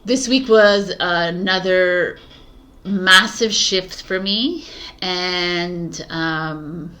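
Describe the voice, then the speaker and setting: A woman's voice: lowish voice, very slow, bright, forceful tone. A woman tarot reader talking casually to her viewers, laughing at herself and losing her train of thought. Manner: giggly, scattered, laughing at herself. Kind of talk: casual spoken tarot talk.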